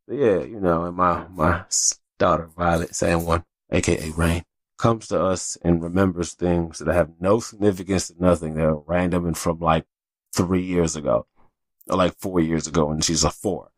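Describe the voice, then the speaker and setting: Podcast host, male, very low voice with a dry close sound; rambling, cussing storyteller. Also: moderate pace, dry recording. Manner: loose, profane storytelling with many fillers. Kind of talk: casual solo podcast talk.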